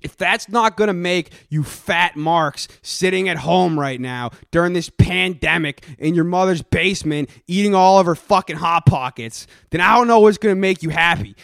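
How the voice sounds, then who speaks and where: A man's voice: high-pitched, moderate pace, creaky, few pauses, a bit bright, dry recording, studio quality. A young man doing an aggressive, mocking, profanity-heavy comedic rant as a wrestling pundit character.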